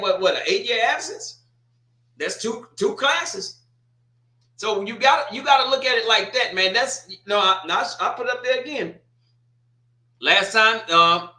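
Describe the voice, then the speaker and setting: A man's voice: very high-pitched, pushed and bright, echoey room. A man hosting a casual sports talk stream, teasing and trash-talking a team and repeating his points. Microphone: streaming setup.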